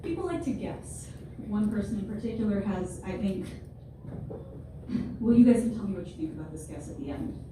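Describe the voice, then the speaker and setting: With a mellow, medium-pitched voice and lively intonation, a woman in her twenties moves briskly through a stand-up set but leaves long pauses. She plays to a live audience in a large room, wry and self-deprecating with playful asides. The recording is noisy and distant, in a very echoey hall.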